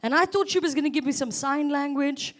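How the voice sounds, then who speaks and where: A South African woman in her thirties performs a chatty stand-up comedy set and teases the audience. Her voice sits high and her delivery is brisk.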